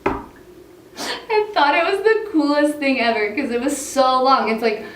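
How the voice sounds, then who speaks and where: A woman's voice: high voice, big pitch swings, a little slow, a bit bright. A young American woman telling a casual storytime, chatty and filling her talk with "like," often laughing between phrases. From United States. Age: young adult. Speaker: vlogger. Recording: echoey room, mic set far off, faint hiss.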